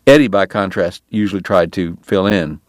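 A male audiobook narrator with a lowish voice and a dry, close sound. He tells the story evenly and steadily, in a measured read. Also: no echo. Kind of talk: scripted narration.

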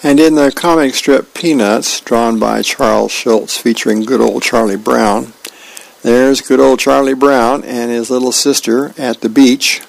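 A man reading a newspaper aloud as a volunteer reader, friendly and unhurried, with small slips he corrects. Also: mid-range voice, vocal fry, low-quality recording.

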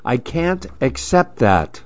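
A man's voice: medium pitch, big pitch swings, takes it slowly, a little mellow, dry recording, dull audio. A man voicing a grumpy reclusive boy who wants to be left alone, speaking in a fussy, exclaiming way.

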